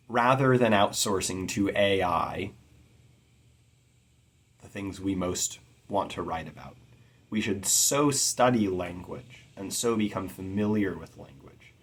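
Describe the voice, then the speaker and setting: A middle-aged man teaching about poetic meter in an earnest, measured way, carefully stressing his words. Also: low-pitched, husky. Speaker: poetry teacher.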